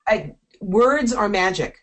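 A woman from South Jersey hosting a call-in radio show, talking in a brisk, playful, chatty way. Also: mid-range voice, animated. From South Jersey, USA.

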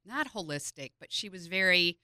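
A woman co-hosting a podcast, telling stories in a rambling, animated way. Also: lowish voice, moderate pace, clean tone, no echo, studio quality. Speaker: podcast co-host. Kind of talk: casual chat.

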